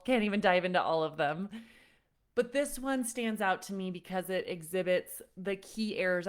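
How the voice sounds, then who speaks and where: A woman's voice: on the low side, clear, resonant tone. A woman parenting coach teaching a live online session, telling a personal story and greeting viewers by name. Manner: warm-up roll call, then storytelling with acted-out quotes.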